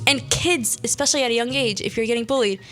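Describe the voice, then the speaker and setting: A woman's voice: fairly high pitch, a bit bright, soft background music. A young woman from Syria, hosting a radio show and telling stories from her school days in a chatty way. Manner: chatty, quick asides and quoted voices. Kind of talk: casual storytelling monologue.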